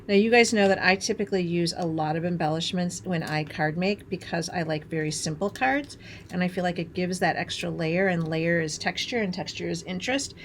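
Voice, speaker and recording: A woman's voice: fairly low pitch, brisk, slight background noise. Chatty woman from Wisconsin demonstrating crafts. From Wisconsin, USA. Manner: bubbly, chatty, laughs at herself, talks while working. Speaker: craft tutorial host.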